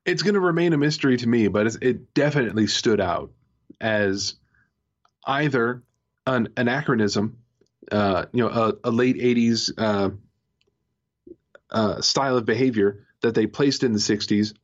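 A man's voice: medium pitch, normal speed. A man co-hosting a podcast, chatting casually about a TV episode, rambling with lots of fillers and restarts. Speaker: podcast co-host. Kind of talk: casual chat reviewing a TV episode. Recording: muffled lo-fi audio.

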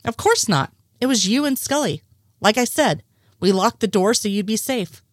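A woman reading the lines of a nervous, innocent man, a little higher than her narration. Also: animated, normal speed, no room sound, studio quality, close to an everyday voice. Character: nervous, well-meaning male conspiracy nerd.

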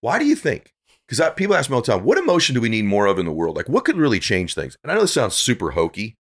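A man's voice: medium pitch, wildly swooping pitch, very fast, fairly bright tone. A middle-aged man speaking as a podcast guest, giving earnest, preachy motivational talk that builds to emphatic peaks.

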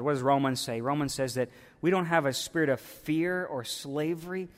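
A man preaching a sermon as pastor to his church, moving from quiet reflection to loud, fervent preaching. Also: a little high, normal speed, long reverb tail. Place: church sanctuary.

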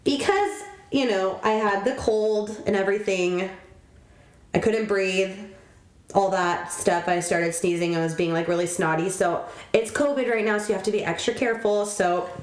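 A woman's voice: mid-range voice, normal speed. A young pregnant woman chatting casually, her voice sitting in the middle of the female range. She tells stories in a giggly way and acts out quoted lines. The sound carries a noticeable echo of the room around her. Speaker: co-host. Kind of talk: casual chat. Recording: echoey room.

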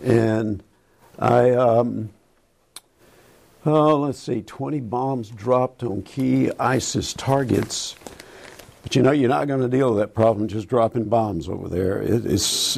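An older man hosting a Christian talk show, earnest and preachy, talking in halting phrases with many restarts. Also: medium pitch, vocal fry, a little mellow, husky. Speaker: Christian radio host. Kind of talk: casual talk about current events.

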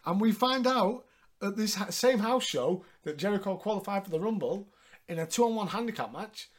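A man hosts a casual recap podcast, chatty and sweary, and laughs often. His voice sits a touch higher than usual for a man. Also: animated, moderate pace. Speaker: podcast host.

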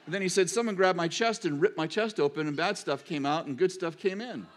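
A man's voice: sits high, fairly quick, noisy background. An older man, a pastor and grandfather, preaching a sermon in a chatty, digressive storytelling manner.

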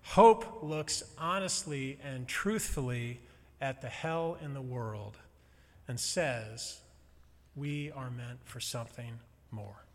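A man preaching a sermon to a congregation, earnest and building to loud emphasis. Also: mid-range voice, takes it slowly. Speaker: pastor. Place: church sanctuary. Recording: long reverb of a large hall.

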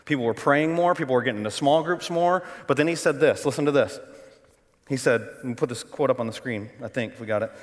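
A middle-aged man preaches a sermon in a church, his medium-pitched voice carrying a long hall reverb. He tells the story dramatically, moving from loud, urgent bursts down to hushed, quiet lines. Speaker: pastor.

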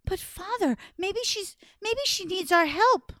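A woman voicing an anxious young princess who begs her father for help, in a high, pleading voice. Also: animated, measured pace, a bit bright, no echo, clean studio sound, heavily acted.

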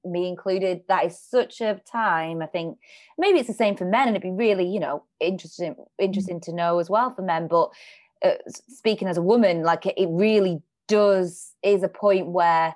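A woman's voice: on the low side, moderate pace, darkish tone, no room sound. A woman hosting an interview podcast, chatty and rambling, full of "like" and restarts. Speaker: podcast host. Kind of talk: casual interview chat.

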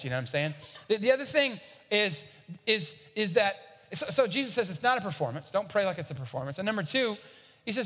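A man's voice: high voice, very animated, fast, fairly bright tone, big-room sound. A man preaching a sermon as a pastor, talking conversationally and often repeating a word as he starts a thought.

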